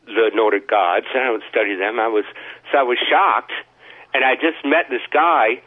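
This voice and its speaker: A man calling in to a talk show, telling a long rambling story in a halting, stammering way full of fillers. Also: mid-range voice. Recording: tinny phone line.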